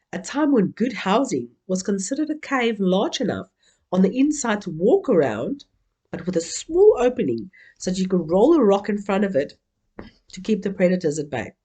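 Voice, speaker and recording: In a mellow, mid-range voice, this keynote speaker from South Africa playfully draws her audience into participating during an interactive talk.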